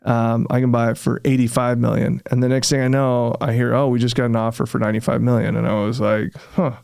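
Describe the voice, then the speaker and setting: Gravelly-voiced man telling his business story. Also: mid-range voice, fast, no room sound, studio quality. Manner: animated, reenacts his own past remarks, frequent fillers. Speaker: real estate developer guest. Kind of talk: casual interview storytelling.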